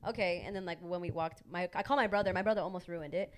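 A woman's voice: lowish voice, rapid-fire. A young woman, a podcast guest, telling a story in casual chat and acting out quotes. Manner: animated, acts out quotes.

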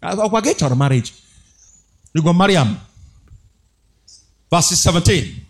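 A man's voice: high voice, animated, measured pace. A man preaching a sermon, exhorting with rhetorical questions, repeated phrases and a sing-song emphasis.

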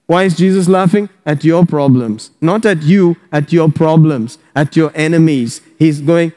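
A man preaching a sermon as pastor, exuberant, breaking into loud laughter and whoops. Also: a little high, measured pace, long reverb tail.

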